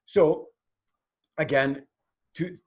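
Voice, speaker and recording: Talking very slowly in a steady tone, this forties-aged solo podcast host has a voice on the high side. He's candid and rambling, full of fillers and restarts.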